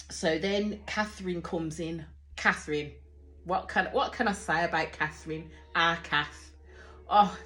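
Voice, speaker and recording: Woman, forties, lowish voice, outspoken reality-show reactor who rambles and curses. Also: fairly bright tone. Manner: blunt, outspoken, swears freely; chatty, rambling with restarts. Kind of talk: casual reaction commentary.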